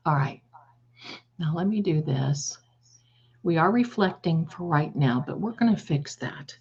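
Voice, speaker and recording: A woman's voice: low-pitched, expressive, a little slow, creaky, pauses often, darkish tone, lo-fi sound, a little hiss or hum. A woman hosting a tarot livestream in casual chat, affectionately calling her viewers "my darlings" while fiddling with her setup.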